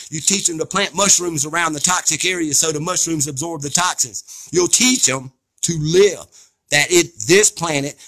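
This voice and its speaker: A man speaks in a high, bright voice. He preaches with fire and blunt, profane force, building up to loud peaks and then dropping back. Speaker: activist speaker. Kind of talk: impassioned monologue.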